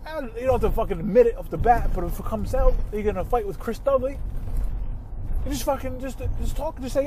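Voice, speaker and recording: Heated man, somewhat high voice, swearing and rambling from his car, faint road noise. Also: lively intonation, brisk, a little mellow. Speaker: vlogger ranting while driving. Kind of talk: casual profane rant. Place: inside a car.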